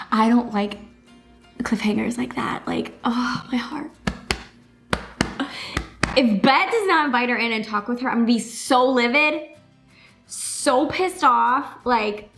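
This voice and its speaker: A woman's voice: fairly high pitch, fairly bright tone. A young woman hosting a casual reaction recap, gushing and rambling with lots of fillers. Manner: gushing, rapid, full of fillers like "like" and "you know". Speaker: YouTube reaction host.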